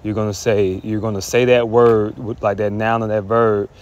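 A man with a fairly low voice teaches a grammar lesson in a loose, unscripted way. He restarts his sentences and says points over and over. A faint hiss of noise sits under his voice. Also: little pitch movement, moderate pace, a little mellow, highs cut off. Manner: informal, repeats himself, restarts often. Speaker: Hebrew teacher. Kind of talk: casual spoken lesson.

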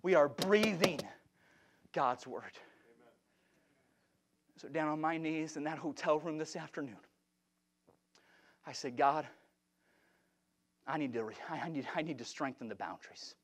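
A middle-aged man preaching an impassioned revival sermon in a church, swinging from shouts down to hushed, repeated phrases. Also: a little high, measured pace, pauses often. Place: church sanctuary.

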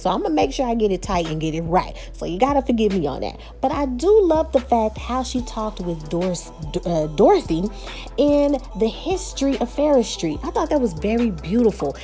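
A woman's voice: a little high, warm tone. A woman with a Texas accent recapping and reviewing a reality show, chatty and opinionated, talking straight to her viewers. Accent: Texan.

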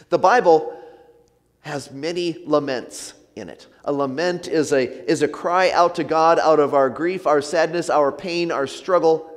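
A male pastor preaching a sermon in an earnest, gentle way, often letting his phrases trail off softly. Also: fairly high pitch, measured pace, big-room sound. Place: church sanctuary.

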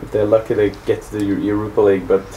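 A man's voice: lowish voice, little pitch movement, rapid-fire, mellow. Hesitant Norwegian man, noisy site. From Norway. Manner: hesitant, searching for words. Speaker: electrician. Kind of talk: casual chat.

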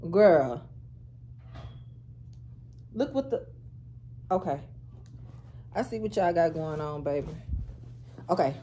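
A woman vlogger chatting to camera at home, animated and talkative, calling her viewers y'all, girl and baby. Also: on the low side, slight background noise. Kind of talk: casual get-ready-with-me chat to camera.

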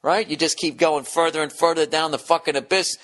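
A middle-aged man hosts his podcast in a loose, profane comedic monologue. His voice sits slightly high and rings bright and forceful. He tumbles through stories with frequent restarts and swearing. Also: fairly even intonation. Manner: profane rambling storytelling with quick restarts. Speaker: podcast host.

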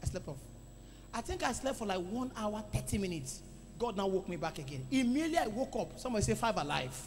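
A man preaching a sermon to a congregation, calling for responses and swinging between loud exclamations and quiet asides. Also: high-pitched, animated, quick pace, slight background noise. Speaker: pastor. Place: church hall. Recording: echoey church hall with music.

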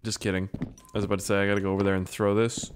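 A man's voice: fairly low pitch, level tone, racing, a little hiss or hum. A young man from Canada playing a video game, rambling, joking and swearing to himself as he goes. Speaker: gaming YouTuber. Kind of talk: let's play commentary.

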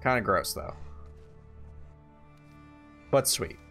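A man talking through his first playthrough of a game, his voice leaping high when something startles him and dropping low as he muses. He speaks at an unhurried pace, a little sleepy, with soft music playing behind him. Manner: reactive, swings from calm musing to excited shouts. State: tired, yawning. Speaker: gaming YouTuber. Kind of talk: casual let's-play commentary.

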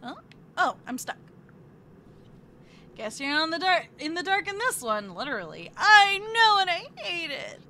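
A woman streams a game live, talking to her viewers in a playful, chatty way. Her high voice swings widely as she goes. Her tone is very bright, with faint room noise behind her. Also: very animated, measured pace, long pauses. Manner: playful, chatty, reads chat aloud; squeals and fake-whines at the game.

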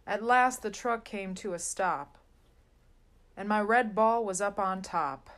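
A woman's voice: mid-range voice, slow, fairly bright tone. A woman reading a rhyming children's picture book aloud in a sing-song way. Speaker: storybook reader.

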